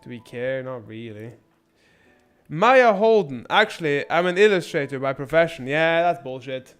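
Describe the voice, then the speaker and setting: Male streamer, raised-pitch voice, rambling sarcastic commentary, faint music behind. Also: lively intonation, moderate pace, fairly bright tone, clean tone. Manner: rambling, crude and sarcastic, many restarts. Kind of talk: casual gameplay commentary.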